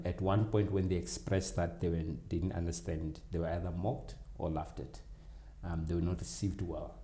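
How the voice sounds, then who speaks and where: Low, mellow-voiced man in an echoey room. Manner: earnest, acts out dialogue with kids. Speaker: guest, educator and tutoring business owner. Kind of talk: conversational interview.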